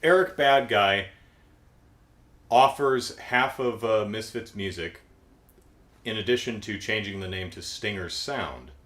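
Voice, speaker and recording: A man's voice: fairly low pitch, takes it slowly, long pauses, fairly bright tone. A middle-aged man recapping a cartoon episode in casual comedic talk, dry and sarcastic, acting out the characters' lines.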